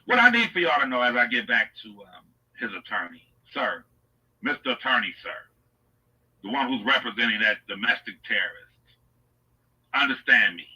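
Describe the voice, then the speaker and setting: A man's voice: medium pitch, big pitch swings, moderate pace, long pauses, pushed and bright, breathy edge, far from the mic, highs cut off. A man giving emphatic, scornful reaction commentary, lecturing the viewer.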